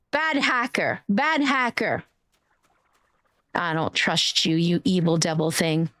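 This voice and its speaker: A young woman streaming a game, chatting in a bubbly, excitable, giggly way. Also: high-pitched, no echo. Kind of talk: casual live-stream chat.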